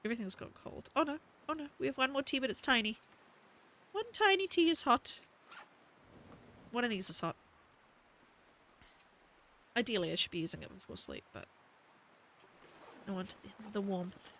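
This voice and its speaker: A woman's voice: on the high side, expressive, normal speed, long pauses, bright, forceful tone, a little hiss or hum. A woman chatting casually while she plays a video game at home, thinking aloud and talking to her dog. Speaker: gaming video creator. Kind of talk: casual gameplay commentary.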